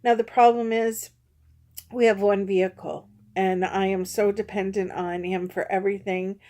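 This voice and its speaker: A woman's voice: medium pitch, flat delivery, moderate pace, warm tone. A woman vlogger talking candidly and self-critically to her camera, rambling with frequent ums. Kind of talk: candid confessional vlog.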